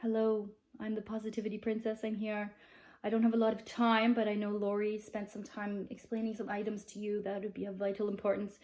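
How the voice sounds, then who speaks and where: A woman's voice: medium pitch, monotone, fairly quick, a little mellow, close to an everyday voice. A woman voicing a pampered, haughty princess in a put-on accent, in a casual home vlog. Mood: grand. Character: pampered self-styled princess, adult woman.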